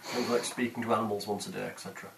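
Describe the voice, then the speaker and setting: A man's voice: lowish voice, level tone, racing, gravelly. A man running a tabletop game as game master, teasing his players in casual chat and laughing often. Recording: roomy, distant, noisy home recording.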